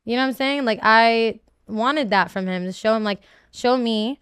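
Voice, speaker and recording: A young adult woman speaks as a podcast guest in a smooth, resonant voice. She talks candidly and emotionally, rambling with frequent restarts. The recording is dry and close. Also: on the high side, normal speed, a bit bright, dry recording. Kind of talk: candid interview talk.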